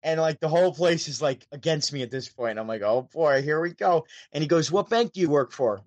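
A man from Syracuse, New York tells a story casually and with energy, jumping into the voices of the people he quotes. His voice sits somewhat high for a man. The recording is dry and close, with no room sound. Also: lively intonation, a little fast, darkish tone, no echo. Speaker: podcast guest, DJ and show host. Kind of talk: casual storytelling over a call.

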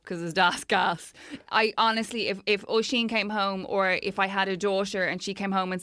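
A woman's voice: medium pitch, fairly even intonation, fairly quick, fairly bright tone, no room sound, clean studio sound. A woman, chatting and teasing in a casual podcast. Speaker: podcast co-host. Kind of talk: casual chat.

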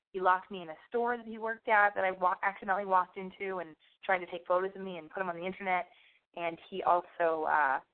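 A young woman telling a rambling personal story in a blunt, profane, animated way, her voice wearing out. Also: mid-range voice. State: losing her voice. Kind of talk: casual anecdote monologue. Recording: tinny phone-like sound.

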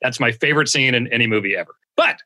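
A man's voice: mid-range voice, fast, pushed and bright. A man who is a guest on a podcast, talking with enthusiasm and often laughing at himself. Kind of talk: casual podcast banter.

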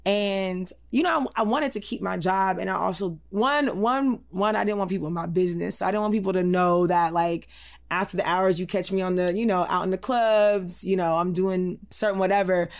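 A young woman co-hosting a podcast, chatting casually and telling a lively story with an animated, candid delivery. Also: normal speed. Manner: animated storyteller, laughs, switches into a put-on high voice. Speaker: podcast co-host.

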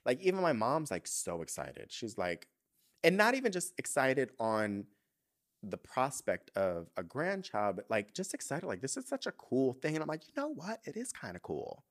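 Animated, expressive young man chatting candidly. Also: normal speed. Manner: candid, emotional, swears freely, animated pitch swings. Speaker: podcast host. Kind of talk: casual confessional chat.

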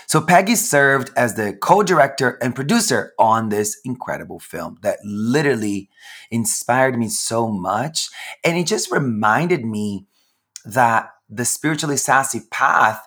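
A male podcast host with a raspy, worn voice. He talks in a bubbly, sassy way, gushing to his listeners and calling them honey. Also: mid-range voice, fairly bright tone. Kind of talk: casual chat.

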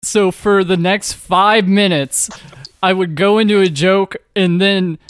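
A man's voice: high voice, fairly even intonation, a little slow, a bit bright, clean tone, dry recording, studio quality. A male stand-up comedian in casual chat, telling stories unhurriedly and giggling often.

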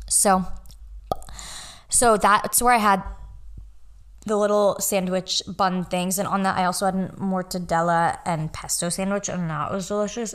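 A woman's voice: fairly low pitch, fairly bright tone. A young woman hosting a podcast, chatting casually on her own in a rambling, easily sidetracked way with lots of fillers. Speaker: podcast host. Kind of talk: casual solo chat.

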